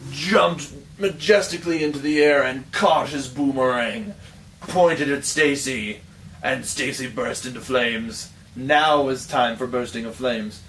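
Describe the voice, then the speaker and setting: A man's voice: medium pitch, measured pace, a bit bright. Guy making up a goofy story as he goes, mic far off, faint room noise. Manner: playful, rambling, gesturing, self-correcting. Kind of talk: improvised storytelling.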